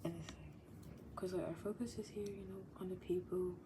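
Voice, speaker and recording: A woman vlogger chatting casually and meanderingly, leaning on "like" constantly and sometimes dropping into soft whispers. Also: fairly low pitch, steady tone, normal speed. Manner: meandering, heavy use of "like", drifts into soft whispers, laughs often. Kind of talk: casual rambling chat. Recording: clearly audible background noise.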